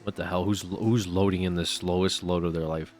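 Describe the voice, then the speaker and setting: A man's voice: sits low, steady tone, a little fast, a little mellow, soft background music. A man streaming live, chatting casually and rambling with profane jokes to his chat.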